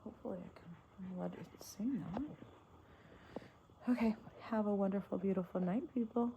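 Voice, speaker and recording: A woman chatting softly to her pets and viewers in doting baby talk, sometimes singing a lullaby. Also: medium pitch, measured pace, gravelly, long pauses, lo-fi sound, a little hiss or hum. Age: adult with a daughter. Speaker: pet vlogger. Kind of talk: casual chat to pets and viewers.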